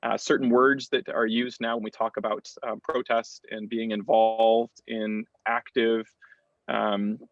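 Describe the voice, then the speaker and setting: On a panel, a thirtyish clergyman from the United States who works as a campus chaplain talks in a reflective, thoughtful way, pausing often and restarting his sentences with plenty of fillers. His voice runs low with a flat delivery, captured in a dull, dry lo-fi recording.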